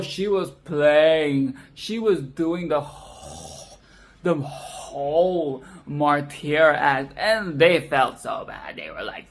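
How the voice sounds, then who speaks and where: A woman's voice: deep voice, big pitch swings, slow. A woman hosting a film commentary video, ranting in a profane, exasperated and sarcastic way. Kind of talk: casual solo film rant.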